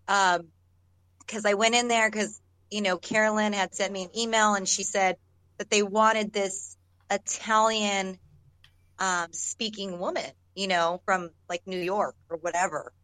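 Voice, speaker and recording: Chatty actress telling stories, dry sound. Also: female voice, mid-range voice, steady tone, a little slow, pushed and bright, no echo, low-quality recording. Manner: rambling, chatty, many restarts and laughs. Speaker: actress guest. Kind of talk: casual storytelling in an interview.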